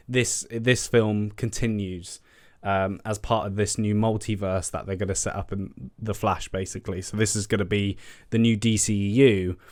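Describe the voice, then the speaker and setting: A man vents in a casual rant, exasperated, swearing freely and circling back over his own words. His voice sits a little low. The sound is close and dry, with no room around it. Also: a little mellow, dry recording. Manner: exasperated, swears often, repeats himself. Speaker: film news vlogger. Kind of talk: casual ranting commentary.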